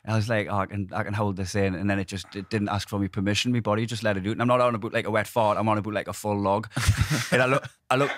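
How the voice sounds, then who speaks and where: A man's voice: on the low side, steady tone, rapid-fire, hardly any pauses, a bit bright, no echo. A man with a Geordie accent, a comedian guest on a podcast, telling stories casually, swearing and laughing through them and checking in with "right?". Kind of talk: casual storytelling chat. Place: podcast studio.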